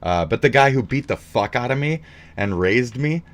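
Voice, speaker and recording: A man's voice: medium pitch, lively intonation, normal speed. A man streaming live, ranting in a rambling, heated and profane way.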